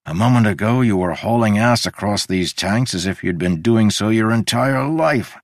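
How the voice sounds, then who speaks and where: A man's voice: fairly low pitch, normal speed, dry recording, studio quality, pitched above the performer's own voice, lightly acted. A man voicing a stubborn, impatient adult man who swears and grumbles at himself. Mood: frustrated.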